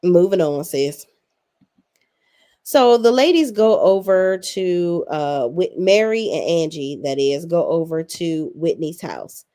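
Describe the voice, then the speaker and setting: A woman's voice: lowish voice, expressive, takes it slowly, warm tone. Blunt, sassy woman recapping reality TV. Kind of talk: casual recap commentary.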